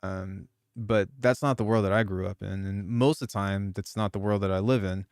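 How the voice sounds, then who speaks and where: A man's voice: lowish voice, fairly even intonation, moderate pace, darkish tone, no echo, studio quality. A man who produces music, chatting casually on a live stream, rambling and swearing freely with lots of restarts. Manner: rambling, profane, frequent restarts.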